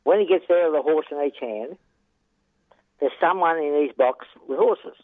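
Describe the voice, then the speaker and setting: This retired horse trainer, an older Australian, has a slightly high voice at normal speed, heard dry and close over a thin, phone-like line with no room sound. Telling casual interview stories from the racetrack, he rambles, chuckles often, and says "yeah" between every thought.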